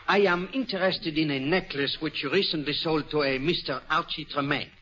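A fussy, courteous Belgian detective, played by a man, speaks with a French accent and slips French words into his speech. His voice sits fairly high for a man. It comes through a dull old radio broadcast. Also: normal speed, noisy background, close to an everyday voice. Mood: inquisitive, polite. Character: fussy, polite middle-aged Belgian male detective. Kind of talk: 1940s radio acting.

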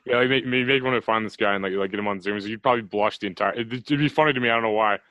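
Podcast host guy, talks super fast, low bright voice, says like constantly. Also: muffled recording, a little hiss or hum. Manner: rapid, rambling, heavy use of filler "like". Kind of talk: casual chat.

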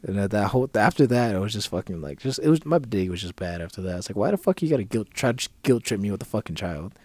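A man's voice: on the low side, animated, fast talker, a little mellow, no echo. A man co-hosting a podcast, telling a story in casual profane chat and acting out the people he quotes in a raised voice. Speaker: podcast co-host.

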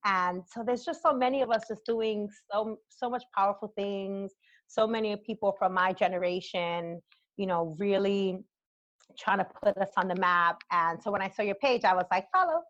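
A woman's voice: moderate pace, dry recording. A young woman from the Bronx, chatting animatedly as a podcast guest. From the Bronx, New York. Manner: animated, acts out her own past reactions with bursts of pitch. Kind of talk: casual interview chat. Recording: dull lo-fi dry sound.

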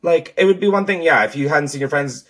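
A man's voice: on the high side, fast, fairly bright tone. Joking, profane male podcast host. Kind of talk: casual chat. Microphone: headphones.

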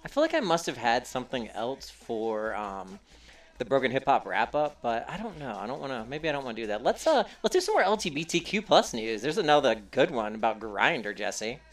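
A man's voice: mid-range voice, sing-song, fairly quick. A male podcast host with a slight cold, chewing gum, reading news items in a casual, playful way with jokey asides.

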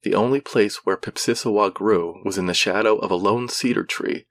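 A man narrating a regional ghost legend in a measured, somber storytelling style. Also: on the low side, no echo.

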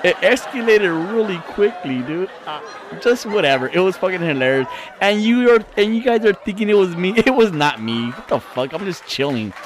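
A man's voice: sits high, big pitch swings, fairly quick. A man casually telling a story to his viewers, laughing often and swearing freely.

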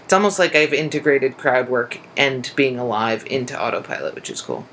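A woman's voice: extremely low pitch, expressive, a little fast, fairly bright tone, a little hiss or hum. A young woman comedian co-hosting a podcast, chatting casually in a rambling way, swearing freely and acting out quotes. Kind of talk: casual chat.

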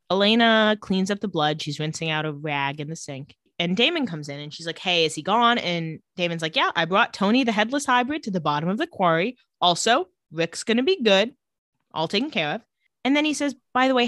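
A woman co-hosting a podcast, recapping a TV episode in casual chat and retelling scenes in a flat, lowered voice. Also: dry recording, studio quality.

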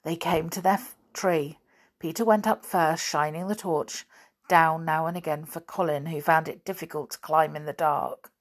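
A woman reading a children's adventure book aloud in a measured storytelling manner. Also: low voice, steady tone. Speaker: reader.

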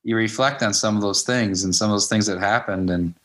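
Storytelling man with a lowish voice. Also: brisk, a bit bright. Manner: anecdotal, acts out quoted dialogue with "I'm like". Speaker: high school wrestling coach. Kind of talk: casual storytelling interview.

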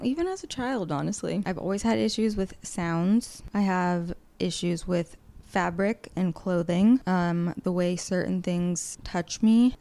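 A woman's voice: fairly low pitch, vocal fry, warm tone. A woman in her late twenties hosting a solo podcast, rambling candidly through a list of topics with frequent swearing and tangents. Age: late 20s. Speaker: podcast host. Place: indoors, seated on a low chair.

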